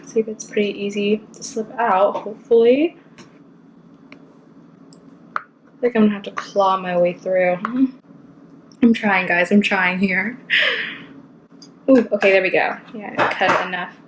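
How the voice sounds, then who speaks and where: Woman, cooking vlogger, chatty, rambling, medium pitch, faint background noise. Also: fairly even intonation, unhurried, long pauses, poor audio. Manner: chatty, rambling, enthusiastic, with many likes and fillers. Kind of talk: casual cooking vlog.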